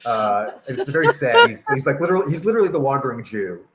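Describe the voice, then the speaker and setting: A man's voice: mid-range voice, big pitch swings, fast, very noisy. A man talking as a guest in a casual political discussion over a video call, hesitant with many fillers and restarts.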